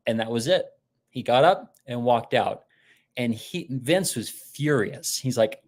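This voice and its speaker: Animated, chatty male motivational speaker. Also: mid-range voice, a little slow. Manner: animated storytelling, acting out quoted voices; conversational with frequent restarts. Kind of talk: live-streamed motivational talk.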